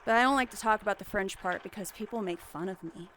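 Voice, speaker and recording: A woman's voice: mid-range voice, quick pace, fairly bright tone, a little hiss or hum. A young woman livestreaming, chatting casually and rambling with giggles and restarts.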